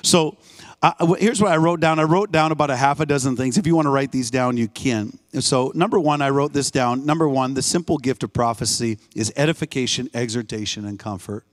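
A man preaching a sermon in a church, telling a story with lively voices and calling out for the congregation's response. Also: mid-range voice, a little fast. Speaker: guest preacher. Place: church sanctuary, live service.

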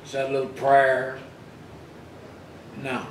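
A man preaching a sermon as pastor, retelling scripture in plain everyday speech and rising loud for the quoted rebukes. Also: medium pitch, steady tone, takes it slowly, roomy sound, a little hiss or hum, rough recording.

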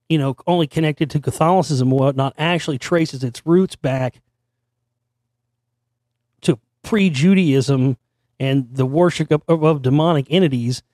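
A man with a hoarse voice hosting a show and rambling through a monologue, restarting and repeating words as he goes. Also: a little high, darkish tone, dry recording, clean studio sound. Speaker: host. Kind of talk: monologue to camera.

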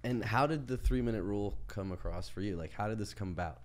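A man with a fairly low voice hosts a podcast interview. He asks his guest short questions and sums up the guest's ideas in his own words. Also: quick pace. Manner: prompts and sums up the guest's points. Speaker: podcast host.

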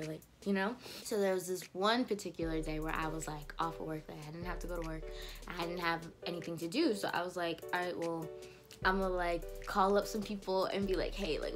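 Teen girl rambling through a storytime vlog, lots of likes and laughs, soft music under it. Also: on the low side. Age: teens. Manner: chatty, fills every phrase with "like", laughs often. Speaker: vlogger. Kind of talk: casual storytime.

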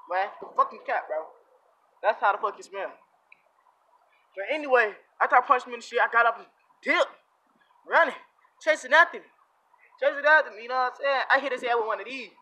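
A young man vlogger telling a comic story in heavy slang, animated and full of repeated catchphrases. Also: very high voice, fairly quick, pauses often, poor audio.

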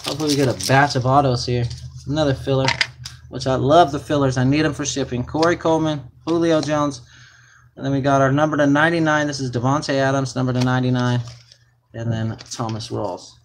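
A young man hosting a live card break, excitedly calling out cards to his viewers. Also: medium pitch, fairly quick, a little hiss or hum. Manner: excited, hyped-up, talks to viewers as "guys" and "man".

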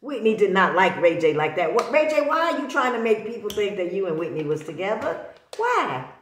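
A woman's voice: mid-range voice, big pitch swings, fairly quick, a little hiss or hum. A woman talking straight to camera in a vlog, insistent and preachy, often repeating words to drive a point home. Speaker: vlogger. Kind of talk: emphatic casual talk to camera. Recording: roomy echo.

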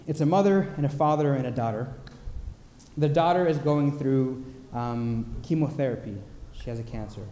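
A man preaching a sermon, telling a story in an earnest, unhurried way with pauses. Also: medium pitch, dark tone. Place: large church sanctuary. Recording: echoey church hall with long reverb.

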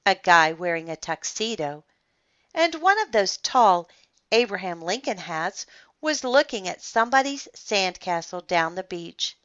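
A woman reads a children's book aloud, unhurried and full of expression, her pitch leaping around. Her bright voice comes through a slightly dull lo-fi recording. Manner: expressive, animated storytelling.

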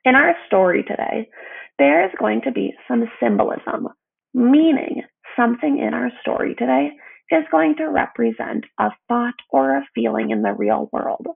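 A young adult woman teacher leading a read-aloud lesson for young children, speaking slowly and pronouncing every word clearly. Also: fairly high pitch. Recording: tinny phone-like audio.

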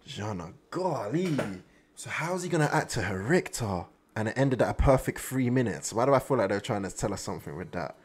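A man with a fairly low voice reacts to an anime episode in loose, slangy casual talk. He gets excited easily and speaks straight to his viewers as the host. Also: fast talker, few pauses, a little hiss or hum.

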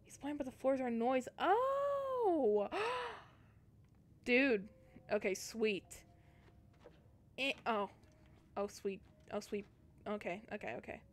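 A woman's voice: a little high, animated, takes it slowly, pauses often. A woman streamer chatting to her viewers as she plays a game, jumpy and talkative. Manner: jumpy, chatty, talks to her chat while playing. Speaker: Twitch streamer. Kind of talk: live gameplay commentary.

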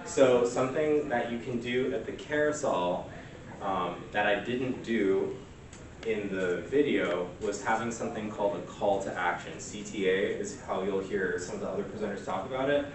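A man presenting at a workshop in a relaxed, chatty way, full of fillers. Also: lowish voice, moderate pace, a crowd in the background. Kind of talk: casual workshop talk. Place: church meeting room. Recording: echoey room recorded from far off.

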